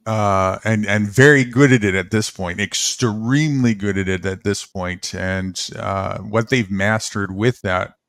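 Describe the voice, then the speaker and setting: A man with a low, gravelly voice explains ideas in a measured, unhurried way. The recording is dry and close. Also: a bit bright, no room sound. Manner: measured, explanatory, many uh fillers. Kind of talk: casual conversation.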